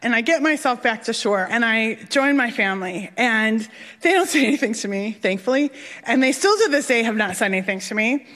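A woman telling a personal story on stage, animated and self-mocking, laughing through her lines. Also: fairly high pitch, fairly quick. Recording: long hall reverb.

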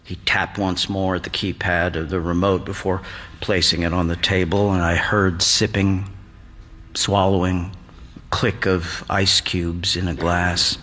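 An older man reading a literary story aloud in a quiet, reflective narrating voice. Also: deep voice, level tone, unhurried. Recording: long hall reverb.

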